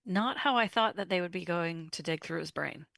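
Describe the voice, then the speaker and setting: A woman co-hosting a podcast who mostly offers short reactions and quiet asides. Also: lowish voice, normal speed, gravelly, no room sound, studio quality. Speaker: podcast co-host. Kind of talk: casual recap chat.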